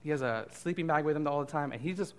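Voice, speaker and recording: A man preaching a casual, animated sermon as a guest pastor, with frequent fillers and restarts. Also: on the high side, quick pace.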